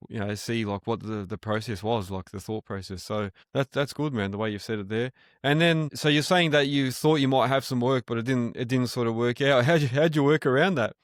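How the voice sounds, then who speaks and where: Man, podcast host, laid-back and agreeable, mid pitch, dry close mic. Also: a little fast, dry recording. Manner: easygoing, agreeable, softer and quieter. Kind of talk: casual interview chat.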